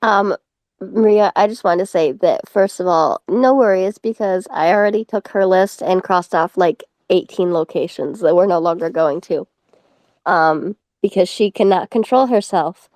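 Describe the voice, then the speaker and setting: A woman hosting a fan discussion podcast who talks emphatically and is quick to apologize. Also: fairly low pitch, darkish tone, dry recording. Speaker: podcast host.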